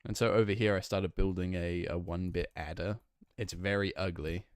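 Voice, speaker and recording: Deep-voiced young northwest English streamer. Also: male voice, steady tone, normal speed, clean tone, no echo, clean studio sound. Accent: northwest English, close to Manchester. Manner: chatty and rambling, reads chat aloud, frequent restarts. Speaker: game streamer. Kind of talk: casual live-stream chat while playing.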